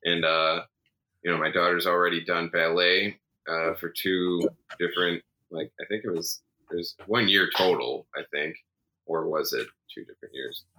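A man's voice: low voice, fairly even intonation, moderate pace, sharp tone, rough recording. A man in his thirties co-hosting a casual podcast, talking about his kids in a rambling, tired way. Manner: rambling, self-correcting, tired. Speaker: podcast co-host. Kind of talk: casual chat.

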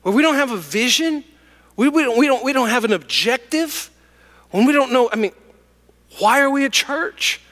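High, bright-voiced man preaching in a hall. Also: animated, moderate pace. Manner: conversational and joking, building to emphatic repetition. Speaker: lead pastor. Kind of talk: sermon. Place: church sanctuary. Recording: hall reverb.

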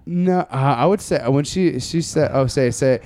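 A man's voice: medium pitch, moderate pace, darkish tone, no room sound. A young man chatting casually, rambling with many restarts and fillers. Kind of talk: casual chat.

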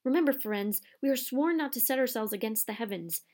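A woman's voice: a little high, expressive, brisk, a little mellow, pitched above the performer's own voice, close to an everyday voice. Woman voicing a thundering, scornful centaur, raised and harsh. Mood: furious scorn. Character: angry proud male centaur.

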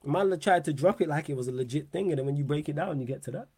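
A man's voice: fairly high pitch, quick pace, slightly rough, no echo. A young man hosting a live football podcast stream, chatting casually in slang and repeating himself, close to the mic. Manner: animated, laughing slang-heavy banter, repeats phrases. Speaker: podcast host.

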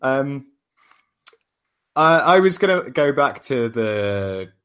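A man's voice: mid-range voice, sing-song, slow, fairly bright tone, clean tone. A man co-hosting a casual podcast, laughing often and steering the talk between segments. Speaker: podcast co-host. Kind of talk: casual chat.

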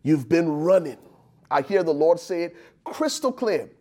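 A male pastor preaching a sermon, building to shouted climaxes and calling out to the congregation. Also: a little high, very animated, unhurried. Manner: preaching with swelling shouted climaxes and call-outs. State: out of breath.

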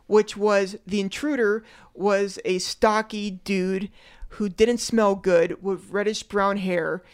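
A woman's voice: mid-range voice, steady tone, takes it slowly, smooth. A woman hosting a casual true-crime podcast, rambling with lots of fillers and frequent laughter. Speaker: podcast host.

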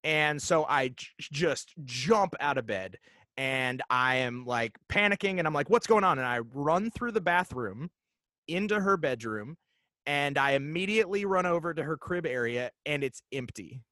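A man in his thirties telling a ghost story in casual chat, animated and halting, with lots of fillers and restarts. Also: on the high side, dry recording.

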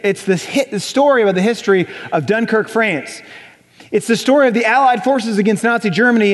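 A young adult man preaching a sermon in a church, conversational and animated, often acting out voices. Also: sits high. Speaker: pastor. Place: church sanctuary. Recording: church hall reverb.

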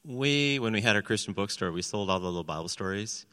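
Expressive and fast, with a clean tone, a male pastor reads scripture and preaches in a lowish, bright, forceful voice, acting out the voices of the people in the story he animatedly tells. The large church hall gives his words a long reverb.

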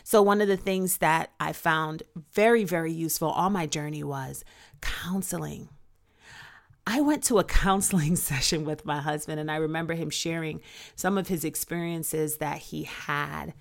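A woman giving an earnest, reflective personal testimony, speaking slowly and deliberately. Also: low-pitched, creaky. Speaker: speaker sharing her story.

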